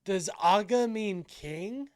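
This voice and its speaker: Slow-talking, mocking male streamer. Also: sits high, clear, resonant tone. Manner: incredulous, mocking, thinks aloud. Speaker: livestream host. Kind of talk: reacting to a clip on a live stream.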